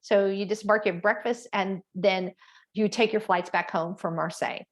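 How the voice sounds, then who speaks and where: A middle-aged woman talks clients through a trip in a loose, friendly presentation. Her pitch sits in the middle of the female range. She rambles a little, drops in fillers and corrects herself as she goes. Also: fairly even intonation, moderate pace. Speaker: travel agent presenting a group cruise.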